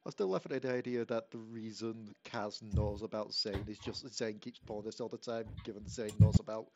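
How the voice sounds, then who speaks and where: A man's voice: lowish voice, brisk, dull audio, background noise. English man, chatty tabletop player.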